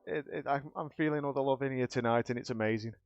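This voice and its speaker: A man chatting live to his stream viewers, emotional and grateful, often restarting his sentences. His voice sits at a middling pitch and comes through dull, lo-fi stream audio. Faint music plays behind him. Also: quick pace, dry recording. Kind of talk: casual live-stream chat.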